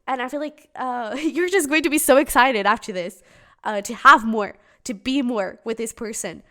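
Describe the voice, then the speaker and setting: A woman's voice: on the high side, moderate pace, a bit bright. Chatty woman doing a tarot reading. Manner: chatty, many fillers, giggly. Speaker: tarot reader. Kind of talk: casual tarot reading to camera.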